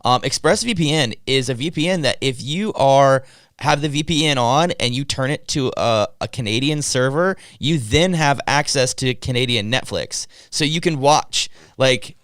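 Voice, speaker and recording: A man's voice: medium pitch, animated, a little slow, fairly bright tone, no room sound. Young podcast guy rambling w lots of "like", clean voice, dead dry sound. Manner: rambling, many fillers. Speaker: podcast co-host. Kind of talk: casual chat.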